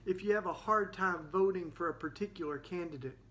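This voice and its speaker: A man's voice: high voice, a little fast, pushed and bright. A man giving an impassioned, sermon-like talk, earnest, with frequent "uh" fillers and restarts. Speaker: faith activist speaker. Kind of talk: earnest preaching-style talk.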